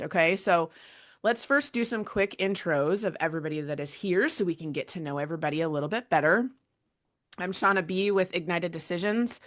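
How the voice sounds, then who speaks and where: A woman coach leading a panel conversation, telling a personal story in a lively way with lots of fillers. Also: on the low side. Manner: animated storytelling with many fillers and laughs. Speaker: burnout prevention coach, panel moderator. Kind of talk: casual panel chat.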